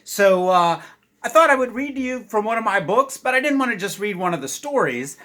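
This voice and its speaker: A man's voice: high voice, brisk. A man, a children's book author, chatting casually with young readers and reading aloud from his own book. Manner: animated, chatty, many uh fillers.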